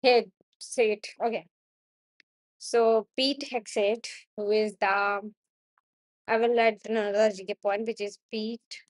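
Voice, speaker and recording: A young woman with an Indian accent reading the news aloud on a study stream, halting and stumbling over hard words and names. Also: mid-range voice, no room sound, clean studio sound. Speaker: student streamer.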